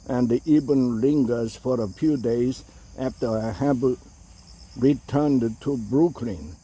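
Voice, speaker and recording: A man reading an opinion essay aloud in a measured way, with the odd hesitation. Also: medium pitch, mellow.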